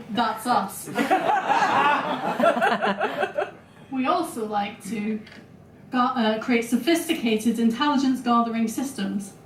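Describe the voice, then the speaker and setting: Scottish woman comic, unhurried and halting, roomy far-off live recording. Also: fairly high pitch, expressive, slight background noise. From Scotland. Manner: self-deprecating, halting with fillers. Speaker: stand-up comedian. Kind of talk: stand-up comedy set. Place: small venue with live audience.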